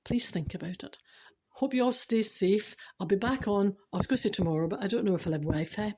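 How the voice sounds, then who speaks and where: Scottish woman, spiritual vlogger, emphatic, self-mocking humour, mellow husky voice. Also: mid-range voice, a little fast. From Scotland. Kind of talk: chatty spiritual talk to camera.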